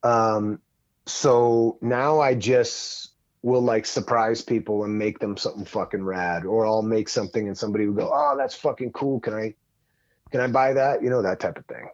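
A man's voice: on the low side, moderate pace, no echo, highs cut off. A man telling a long story in casual podcast chat as a guest, rambling and heavy on swearing. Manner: profane, rambling, animated.

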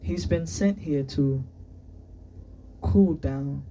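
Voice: mid-range voice, extremely slow, mellow, a little hiss or hum, rough recording. A reader voicing a stern older male teacher who gives formal, clipped commands in a book reading.

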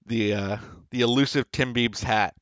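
A man's voice: medium pitch, steady tone, normal speed, a bit bright, no echo. Rambling man on a dull, dry mic. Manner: rambling, swears casually. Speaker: podcast co-host. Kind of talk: casual chat.

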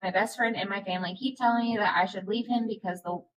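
A woman co-hosting a podcast, reading a forum post aloud in a steady, plain way. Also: medium pitch, fast, poor audio. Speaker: podcast co-host.

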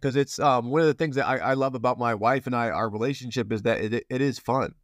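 Talking fast in a mid-range voice, this man hosts a relaxed interview, rambling playfully with plenty of restarts. The recording is dry and cleanly studio-made.

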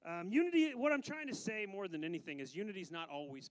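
A man preaching a sermon as pastor, animated, switching between loud emphasis and quiet asides, with frequent laughs between phrases. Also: high voice, fast talker, low-quality recording.

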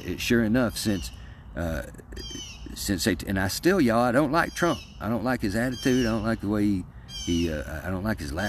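A man's voice: fairly low pitch, slight background noise. A man giving a casual opinion rant in a folksy, emphatic, rambling way, often restarting his sentences. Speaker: political commentator.

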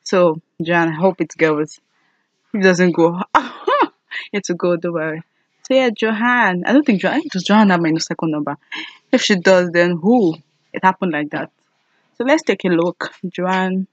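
A young woman, chatting casually to camera as a vlogger, excitable and giggly with loud exclamations. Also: on the low side, moderate pace, no room sound, lo-fi sound.

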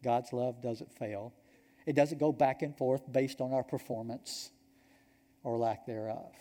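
A man with a Georgia accent preaching a sermon to his congregation, telling the story earnestly and dropping to a hush for key points. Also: mid-range voice, steady tone, measured pace. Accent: Georgia, US Southern. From Georgia, United States. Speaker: pastor. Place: church sanctuary. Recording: long reverb of a large hall.

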